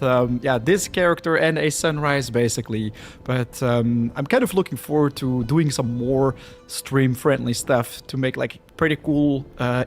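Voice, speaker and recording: Chatty male game streamer, a bit winded. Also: on the high side. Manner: chatty, lots of fillers and restarts. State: slightly out of breath. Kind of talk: casual live stream chat.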